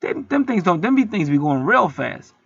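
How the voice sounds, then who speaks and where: Ranting straight to his camera, this man runs his own channel and gets fiery and sermon-like, cursing constantly. He speaks at normal speed with big pitch swings, in a gravelly, edgy voice slightly higher than most men's, captured in dry, dull, home-style lo-fi audio.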